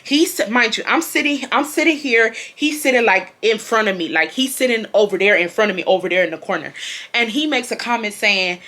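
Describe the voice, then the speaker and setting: A young woman tells a school story straight to her audience. Her voice is bright and forceful. She talks in an animated, slangy, chatty way. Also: a little high, fairly quick. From Houston, Texas. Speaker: storytime vlogger. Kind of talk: casual storytime chat.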